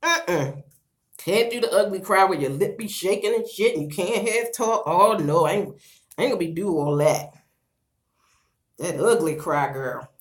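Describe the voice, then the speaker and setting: A middle-aged woman chatting on a casual livestream, loud and playful, breaking into laughter and talking straight to her viewers while she does her hair at home. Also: fairly low pitch, normal speed. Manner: slangy and animated, talks straight to viewers. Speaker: vlogger doing a livestream.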